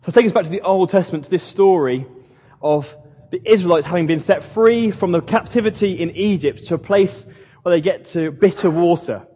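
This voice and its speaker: A man's voice: high voice, fairly quick, dark tone, slightly rough. A man preaching a sermon in a conversational way, with slips and restarts. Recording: dull lo-fi sound in a reverberant hall.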